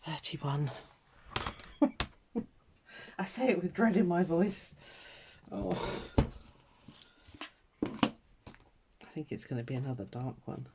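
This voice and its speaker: A woman's voice: lowish voice, very animated, slow pace, pauses often, heavy background noise. A woman chatting casually to viewers while she colours, self-mocking and muttering to herself with little laughs. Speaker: colouring vlogger.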